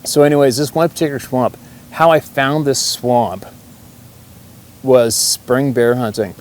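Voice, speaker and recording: A man's voice: mid-range voice, fairly even intonation, measured pace, a little mellow. A man telling a hunting story in a rambling, folksy way, swearing casually and chuckling often. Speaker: hunter.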